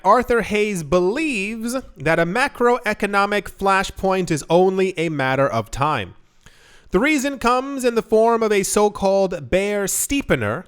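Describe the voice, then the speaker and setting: Hosting a crypto news show, this young man talks in a high-pitched, somewhat bright voice with a clean tone. The news commentary is casual and rambling, packed with tangents and corrections of himself.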